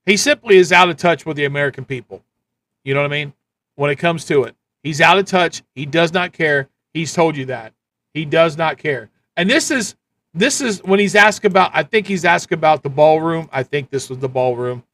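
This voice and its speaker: Ranting livestream man, high and bright. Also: moderate pace. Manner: ranting, repetitive, blunt. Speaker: livestream host. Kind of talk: political commentary livestream.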